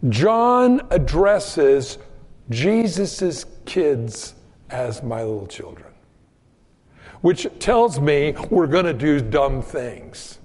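A man preaching a sermon in a relaxed, conversational way, telling homespun stories about kids and doing quick voices for the people in them. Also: a little high, big-room sound. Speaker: pastor.

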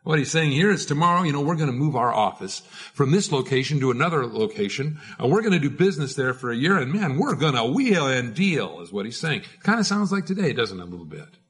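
A man's voice: medium pitch, sing-song, quick pace, a bit bright, breathy edge. A man preaching a conversational sermon as a pastor, informal and prone to repeating words.

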